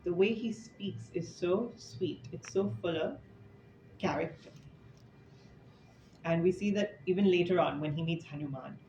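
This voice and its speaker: Man, spiritual teacher, relaxed scripture talk, chatty storytelling, roomy echo, slightly muffled sound, faint noise. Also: high-pitched, measured pace, long pauses. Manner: conversational storytelling with casual asides. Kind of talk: informal scripture talk to a live group. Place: indoor talk room with an audience. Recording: echoey, slightly dull room recording with faint noise.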